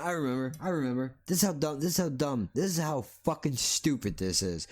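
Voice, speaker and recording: A man's voice: on the high side, animated, a little fast, hardly any pauses. Blunt, profane podcast host man. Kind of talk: solo podcast rant.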